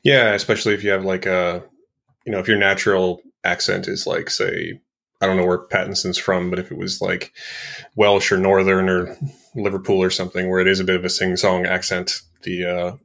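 A man with a low, deep voice talks through a relaxed podcast conversation. He wanders around his point, pokes fun at himself and chuckles at his own jokes. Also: brisk, gravelly. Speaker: podcast co-host. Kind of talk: casual podcast chat.

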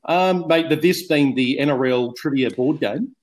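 A man's voice: on the high side, moderate pace. A man chatting as a podcast guest, self-mocking and jokey. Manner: jokey, self-mocking, says mate a lot. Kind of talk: casual podcast chat.

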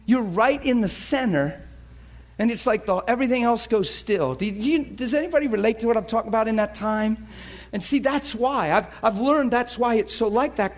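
A man preaching a sermon, telling a story with animated energy that swings from hushed to shouting. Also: high-pitched. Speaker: pastor.

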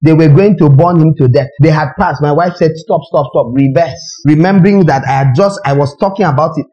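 A man, preaching a sermon as pastor in an animated, emphatic way full of rhetorical questions. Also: fairly high pitch, fast, muffled recording.

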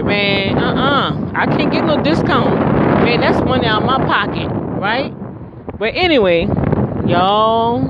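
A high-pitched man tells his viewers a story in a loose, chatty vlog, exclaiming and calling out to them as he goes. The sound is muffled and dull. Loud wind rushes across the mic throughout. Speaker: retail store worker.

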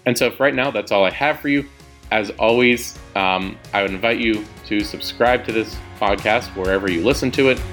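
A man hosting a podcast, explaining a prayer practice in a relaxed, conversational teaching style with frequent fillers and restarts. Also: on the low side, normal speed, soft background music. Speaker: podcast host.

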